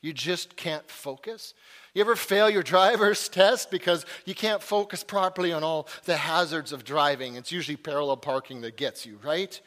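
A man telling a personal story in a sermon, animated and lively, sometimes dropping to a hushed voice. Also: a little high, normal speed. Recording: long hall reverb.

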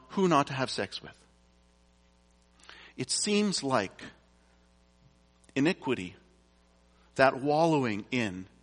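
A man's voice: mid-range voice, fairly bright tone. A man preaching a sermon, reading scripture aloud and explaining it in a conversational way with casual asides. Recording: long reverb from a large hall.

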